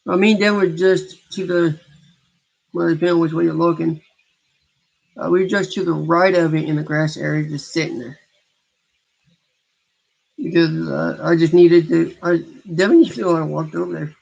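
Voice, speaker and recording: High, gravelly man telling a rambling story. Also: steady tone, moderate pace, pauses often, darkish tone. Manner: rambling, with frequent restarts. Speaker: gamer recounting a story. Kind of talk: casual storytelling. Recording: dull lo-fi recording.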